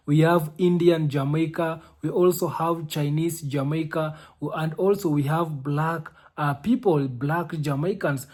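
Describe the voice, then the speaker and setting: A man's voice: on the high side, darkish tone. Man explaining in repetitive commentary. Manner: explanatory, repeats phrases, frequent hesitations. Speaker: commentary host. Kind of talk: reaction commentary.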